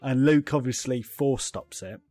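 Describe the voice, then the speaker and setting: A man's voice: medium pitch, unhurried, mellow, no room sound, faint music behind. A young man, co-hosting a casual comedy chat, riffing playfully with lots of fillers. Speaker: podcast co-host.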